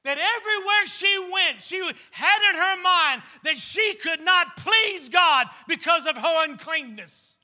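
A man preaching a sermon as pastor, fervent and rising at times to shouts. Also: extremely high pitch, animated, measured pace, hardly any pauses.

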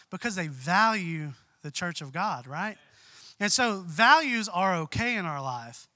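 A man's voice: high voice, bright, forceful tone, no echo. A young man giving a conversational sermon as pastor in a church, folksy and full of asides. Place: church sanctuary.

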